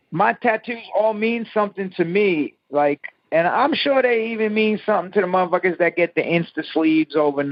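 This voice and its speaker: A man's voice: high-pitched, gravelly, no echo. A man in his fifties, a musician interviewed over the phone, telling stories in a profane, emphatic way. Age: 50s. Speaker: musician guest. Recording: dull lo-fi phone line.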